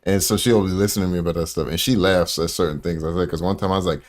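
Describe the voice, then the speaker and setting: A man hosting a casual livestream, telling stories with lots of fillers and slang and acting out quotes. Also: rapid-fire. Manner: animated storytelling, acts out quotes in a high voice; loose slangy talk with many fillers. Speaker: reaction streamer host.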